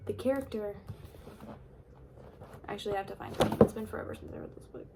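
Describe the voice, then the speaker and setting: A woman's voice: mid-range voice, huge pitch swings, fast talker, creaky, long pauses, very noisy. A young woman vlogging a casual, sarcastic rant about books she dislikes, chatty and full of fillers. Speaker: book vlogger. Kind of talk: casual ranting book review.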